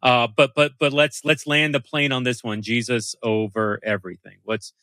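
A man's voice: medium pitch, little pitch movement, moderate pace, sharp tone, no echo, studio quality. A man hosting a podcast interview, affirming his guest and steering the talk to the next point. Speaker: podcast host.

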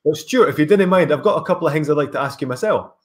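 A man's voice: on the high side, lively intonation, fast talker. A man hosting an online children's event, chatting in a friendly way with a guest poet. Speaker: workshop host.

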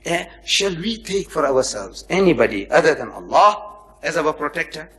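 A man lecturing an audience on religion, emphatic and repetitive, with rhetorical questions and slow chanted phrases. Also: on the high side, lively intonation. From India, raised in South Africa. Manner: chants phrases slowly, swings from soft to loud.

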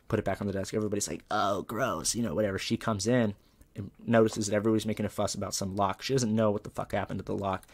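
Young man, comedian, gravelly low voice, profane rambling storytelling. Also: level tone, very fast, a little mellow. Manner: loose, profane, rambling with many fillers. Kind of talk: casual storytelling interview.

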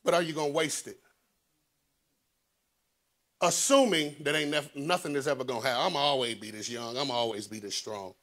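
A man preaching a sermon, swinging between loud rises and low hushed asides. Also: brisk, pauses often. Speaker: pastor.

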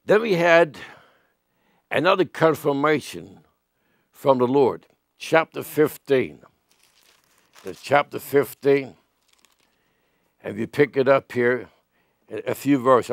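A man's voice: medium pitch, takes it slowly, creaky, pauses often, no echo, clean studio sound. A man preaching a sermon as pastor, acting out everyday exchanges in raised voices. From Europe.

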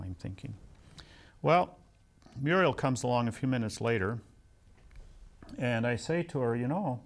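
An older American man delivers a seminary lecture conversationally, sharing personal stories with self-deprecating humor. His mid-range voice has lively intonation, and he speaks at a measured pace with frequent pauses.

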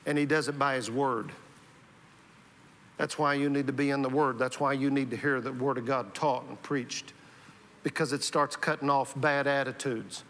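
A man's voice: medium pitch, fairly even intonation, normal speed, fairly bright tone. A male pastor preaching a sermon in a conversational way, often restarting and repeating words. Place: church sanctuary. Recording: reverberant church hall.

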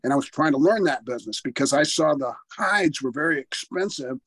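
An older man recalls his wrestling days in a loose, chatty interview. He laughs often and swears freely, his voice sitting slightly high. The sound is dry and close, with almost no room echo. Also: expressive, a little fast, a bit bright. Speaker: former wrestler telling career stories. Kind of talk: casual interview storytelling.

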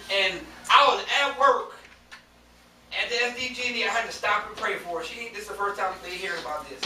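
A man preaching a sermon to a congregation that answers him, rising at times to shouts. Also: sits high. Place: church. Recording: echoey church, distant mic, faint hiss.

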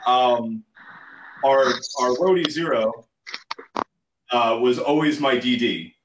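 A man's voice: medium pitch, slow, far from the mic, background noise. Man telling band stories in an echoey room. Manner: rambling, laughs while recounting. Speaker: band member guest. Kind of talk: casual storytelling.

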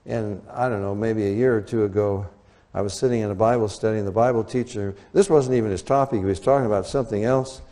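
A man preaching a Bible teaching sermon in an animated way, often rising to excited high exclamations. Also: quick pace.

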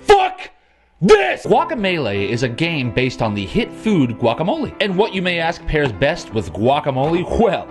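An excitable man commenting as he plays a game, swearing freely and breaking into sudden yelps and shouts. His voice sits somewhat high and swings wildly in pitch, with game music running behind. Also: moderate pace, hardly any pauses. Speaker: gamer. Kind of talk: let's play commentary.

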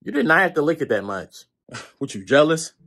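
A man's voice: fairly high pitch, sing-song, fairly quick, over music. A man performing a comedy sketch, talking in stammering, repetitive, pushy banter.

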